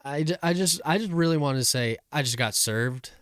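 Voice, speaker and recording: A man's voice: a little high, a little fast, a bit bright, smooth, dry recording. Young guy rambling thru a funny story on a podcast, laughs a lot, dry close mic. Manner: rambling storyteller, laughs often, yelps punchlines. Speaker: podcast co-host. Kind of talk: casual chat.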